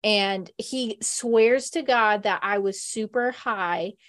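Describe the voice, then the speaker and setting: A woman's voice: medium pitch, slow. A woman hosting a podcast, telling stories in a chatty, casual way with frequent laughs. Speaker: podcast host. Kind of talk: casual chat.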